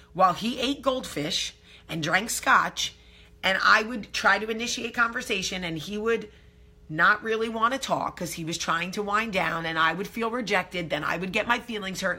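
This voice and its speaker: Woman vlog host, brash and salty storyteller, bright with a husky grain. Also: medium pitch. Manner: brash, profane, animated storytelling. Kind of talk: candid storytelling to camera.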